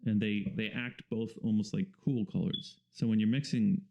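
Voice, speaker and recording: Low gravelly man explaining in a relaxed way. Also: normal speed, muffled recording, a little hiss or hum. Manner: relaxed, explanatory, rambling with fillers. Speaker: guest painter. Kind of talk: casual interview talk.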